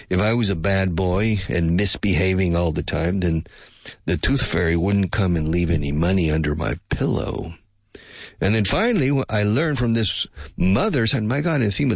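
Low, husky older man musing slowly. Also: dry recording, studio quality. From United States. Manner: musing, repeats words, mixes in Spanish glosses. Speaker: English teacher. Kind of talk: relaxed teaching monologue.

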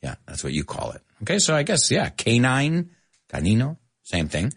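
A man teaching English on a live stream, playful and animated, often laughing at his own jokes. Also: medium pitch, moderate pace, slightly rough. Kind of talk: casual live-stream language lesson.

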